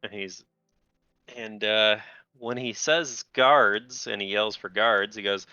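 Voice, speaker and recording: A male game master narrates a tabletop game in a relaxed, slightly hesitant way. His voice is low but bright and smooth. The dry, slightly dull microphone sound gives it a lo-fi feel. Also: slow, dry recording.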